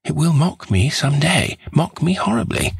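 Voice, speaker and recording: A man reading a novel aloud, voicing a vain young man who despairs over losing his youth, in a pleading, husky voice. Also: on the high side, very animated, normal speed, no room sound, studio quality, pitched above the performer's own voice, heavily acted. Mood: anguished.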